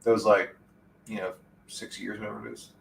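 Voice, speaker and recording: A man's voice: fairly low pitch, flat delivery, normal speed, gravelly, slight background noise. A young man chatting casually on a livestream, rambling and swearing in a laid-back way. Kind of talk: casual stream chat. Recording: echoey room, distant mic.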